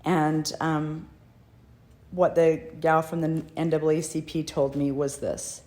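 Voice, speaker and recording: Low-voiced earnest mother pleading. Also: level tone, a little slow, a little mellow. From United States. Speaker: mother speaking out. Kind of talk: personal video address.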